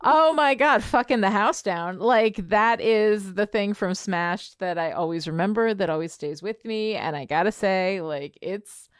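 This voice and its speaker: A woman co-hosting a podcast in casual chat, enthusiastic and quick to agree. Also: mid-range voice, clean tone, dry recording. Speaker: podcast co-host.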